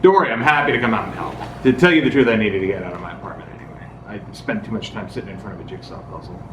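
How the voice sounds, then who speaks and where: A man's voice: fairly low pitch, rapid-fire, echoey room, noisy background, lightly acted. An actor playing a teasing, flirtatious man.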